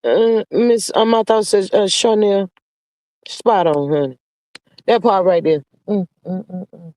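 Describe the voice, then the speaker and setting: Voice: medium pitch, measured pace, darkish tone, no room sound. Sassy gossip streamer, dry close sound. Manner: sassy and drawling, full of "child" and "honey" asides; playful, with sing-song hums and laughs. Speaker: live stream host. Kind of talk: casual gossip chat, reading viewer comments aloud.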